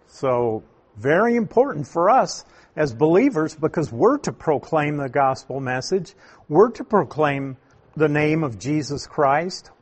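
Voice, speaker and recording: A man teaching from the Bible, explaining Greek wording in a deliberate, emphatic way and asking rhetorical questions. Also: fairly high pitch, lively intonation, breathy edge. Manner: emphatic, repeats key points, asks rhetorical questions; slow, deliberate delivery with stressed words.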